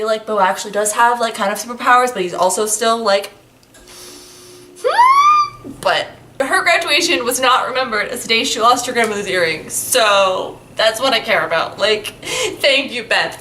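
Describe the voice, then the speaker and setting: Gushing chatty woman with a bright voice. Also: on the high side, a little hiss or hum. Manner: gushing, chatty, lots of "like" fillers. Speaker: book reviewer. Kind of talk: casual vlog chat.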